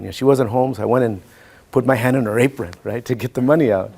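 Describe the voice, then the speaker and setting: A man giving a keynote speech, telling personal stories in a relaxed, chatty way with many fillers. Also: mid-range voice, rapid-fire. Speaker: keynote speaker.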